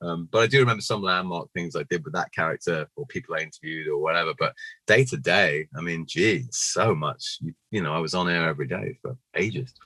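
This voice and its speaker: A man in his forties with a deep, slightly husky voice tells stories with lively energy, slipping into funny voices for the people he quotes. The sound is close and dry, with no room around it. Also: fairly quick, dry recording. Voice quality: naturally low register. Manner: animated storyteller, acts out quoted voices. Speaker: puppeteer guest. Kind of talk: casual interview anecdotes.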